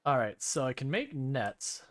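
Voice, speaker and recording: A man's voice: mid-range voice, unhurried. A man streaming a game, chatting casually and wryly while he plays and thinks aloud. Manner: relaxed, wry, thinks aloud while playing. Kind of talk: casual gameplay chat.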